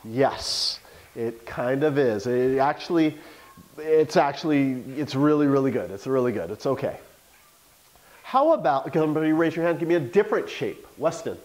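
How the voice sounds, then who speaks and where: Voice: medium pitch, lively intonation, moderate pace, a little mellow, poor audio. A teacher giving a classroom lesson, coaxing the students with question after question.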